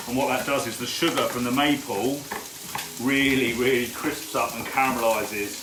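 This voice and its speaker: A man's voice: medium pitch, very noisy. A man hosts a live cook-along from his home kitchen, chatting casually and greeting viewers by name as he cooks. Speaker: cooking show host. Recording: echoey kitchen with frying sizzle.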